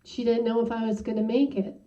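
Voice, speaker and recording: A woman giving a personal testimony in an interview, halting and full of "you know" fillers. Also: fairly high pitch, level tone, dark tone. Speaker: interview guest. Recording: muffled sound from a distant mic.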